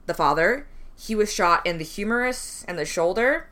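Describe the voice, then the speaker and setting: A woman's voice: mid-range voice, normal speed. A young woman co-hosting a casual true crime podcast, narrating a case with many ums. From West Indian family, immigrant parents. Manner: relaxed storytelling with frequent ums, laughs between lines.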